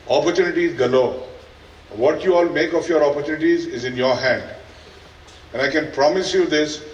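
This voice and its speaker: In a large school event hall, a headmaster with an Indian English accent gives an earnest valedictory speech to students, laced with dry humour. His slightly high voice comes across muffled, distant and echoey.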